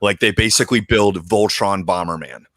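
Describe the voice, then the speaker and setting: A man co-hosting a podcast in casual chat, excitable and slangy, swearing casually. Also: moderate pace, dry recording, studio quality. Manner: excitable, slangy, swears casually, jumps into high voices for quoted lines. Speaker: podcast co-host.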